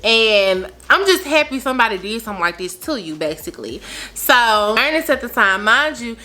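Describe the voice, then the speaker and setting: A young woman with a bright, forward voice tells a story to her camera in loose, chatty vlog talk. Her voice leaps upward whenever she stresses a point, then settles back into easy conversation. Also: moderate pace. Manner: animated, chatty, swoops up in pitch for emphasis. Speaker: vlogger. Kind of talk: casual storytime chat.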